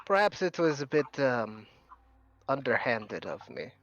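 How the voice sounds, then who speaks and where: A man voicing a suave, scheming male devil lord in a fine suit, who talks in a smooth, polite, bargaining way. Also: mid-range voice, very animated, measured pace, fairly bright tone, muffled recording, a little hiss or hum.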